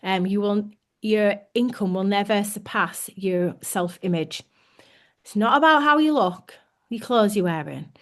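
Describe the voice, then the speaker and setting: A woman giving a candid, animated motivational talk as a business coach, acting out inner thoughts as she goes. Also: medium pitch, measured pace.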